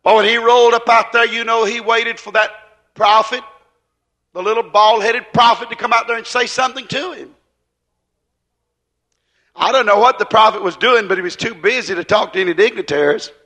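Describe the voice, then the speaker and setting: A man preaching a sermon, folksy and storytelling, now and then rising to shouts. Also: high voice, fairly even intonation, normal speed, pauses often.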